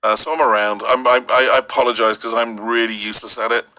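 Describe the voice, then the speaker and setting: Guy voice actor chatting, bright forceful tone, easygoing explainer. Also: medium pitch, fast, low-quality recording. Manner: relaxed, explanatory. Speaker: voice actor guest. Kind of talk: casual interview chat.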